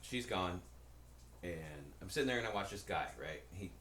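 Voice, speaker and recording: A man co-hosting a podcast tells a rambling, profane story with a lot of energy, and his pitch leaps up and down. His voice is bright and forward. The recording sits in a roomy, echoey space with a faint hiss of background noise. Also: expressive, normal speed. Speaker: podcast co-host. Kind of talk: casual storytelling chat.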